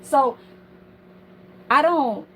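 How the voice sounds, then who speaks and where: A woman's voice: high voice, lively intonation, very slow, a bit bright, poor audio. A woman ranting on her livestream from home in a casual, heated, profane and rambling way.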